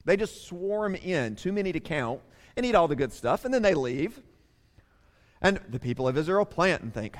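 A man preaching a sermon, telling the story in a lively way and speaking straight to the children in the congregation. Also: sits high, fairly quick. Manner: animated storytelling, addresses children directly. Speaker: pastor. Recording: long reverb of a large hall.

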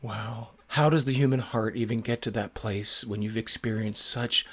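A man's voice: on the low side, fairly even intonation, moderate pace, fairly bright tone. A man co-hosting a podcast, giving brief, emphatic reactions.

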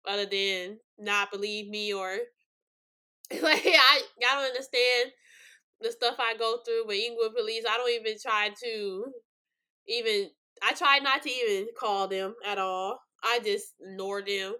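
A woman's voice: medium pitch, fairly even intonation, measured pace, bright, forceful tone, smooth. A young woman hosting a true-crime podcast, rambling with many fillers and choked up, near tears. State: tearful. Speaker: podcast host.

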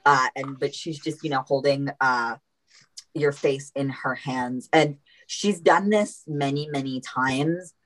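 A woman narrating as game master in a tabletop role-playing game, halting and emotional with many fillers. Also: rumbling low, poor audio.

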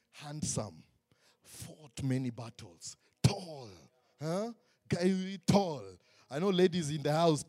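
Animated pastor preaching, fairly high voice. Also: male voice. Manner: animated, joking, acts out quotes. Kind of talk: sermon. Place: church tent.

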